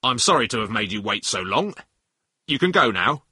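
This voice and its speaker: A man's voice: on the low side, very animated, moderate pace, bright, forceful tone, husky, no room sound, clean studio sound, full character voice. A man playing a big, red-faced policeman with a nasty voice, curt and commanding.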